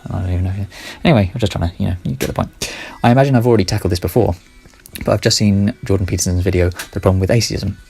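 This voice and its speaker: Low gravelly man rambling through his thoughts. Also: darkish tone. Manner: rambling, self-correcting, muttering asides. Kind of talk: casual spoken monologue.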